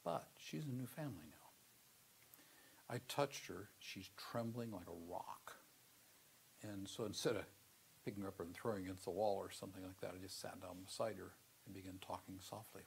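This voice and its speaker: Middle-aged male seminary lecturer, slightly low voice, earnest storyteller with sudden loud emphasis. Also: brisk, gravelly, a little hiss or hum. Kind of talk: classroom theology lecture with personal storytelling.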